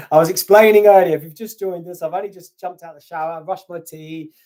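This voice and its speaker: A man's voice: fairly high pitch, fairly even intonation, a little fast, darkish tone. A British man hosting a casual live stream from home, reading out viewer comments in a chatty, self-deprecating way with casual swearing. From United Kingdom. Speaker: YouTube grave-visiting channel host.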